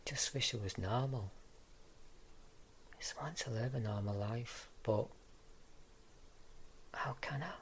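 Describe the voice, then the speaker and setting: Slow gravelly whispering man. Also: mid-range voice, fairly bright tone, slight background noise. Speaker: ASMR performer. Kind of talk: whispered role-play.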